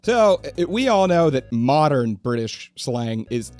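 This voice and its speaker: A man's voice: mid-range voice, very animated, a little slow, hardly any pauses, a little mellow. A man hosting a comedic scripted narration, sarcastic and exasperated, with swearing. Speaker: host.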